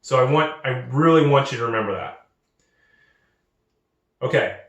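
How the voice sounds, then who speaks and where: A man's voice: medium pitch, normal speed. Earnest young man in an echoey room. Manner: earnest, repeats himself, restarts often; acts out quoted recruiters in lively voices. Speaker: channel host. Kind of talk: casual advice monologue.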